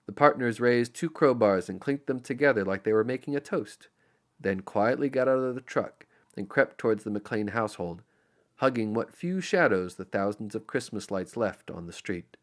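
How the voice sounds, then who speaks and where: A man narrating an audiobook in an expressive, storytelling manner. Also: on the low side, moderate pace. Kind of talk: scripted narration.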